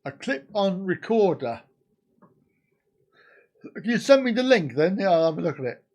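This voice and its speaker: Fifty-something uk guy doing a live stream, cheeky crude banter with chat, kinda high voice. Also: big pitch swings, normal speed, darkish tone, dull audio. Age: 50s. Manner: banters with viewers, crude joking, teasing.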